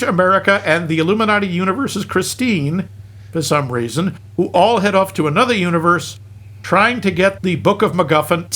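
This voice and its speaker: A podcast co-host with a high-pitched, pushed and bright voice recaps a film comedically, throwing in joking fake slips and corrections.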